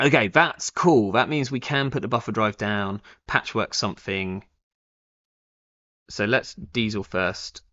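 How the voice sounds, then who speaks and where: A young man streaming a card game talks through his thinking in casual live commentary, rambling with lots of fillers and self-corrections. His voice is lowish and sharp, his pace measured, and the audio is dull, lo-fi stream quality.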